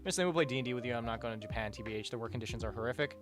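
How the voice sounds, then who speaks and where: A man chatting casually on a livestream, reading out donations and rambling, swearing often. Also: rapid-fire. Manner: rambling, swears a lot, animated swings in pitch and loudness. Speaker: streamer. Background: faint music.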